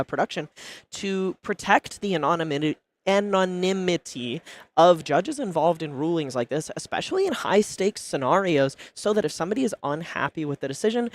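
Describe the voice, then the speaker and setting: A man commentating a card game tournament, chatty and anecdotal, full of little fillers. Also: on the high side.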